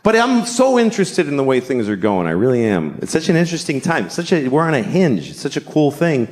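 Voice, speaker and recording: A middle-aged man doing a stand-up comedy set, deadpan and profane, building to shouted rants. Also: on the high side, a little fast. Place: comedy stage before a live audience.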